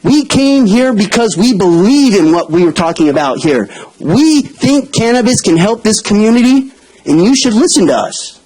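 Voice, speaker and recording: Guy with a really high voice, lively swings, calling out the council at a public comment podium. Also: moderate pace, breathy edge, low-quality recording. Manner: confrontational, pointed and emphatic.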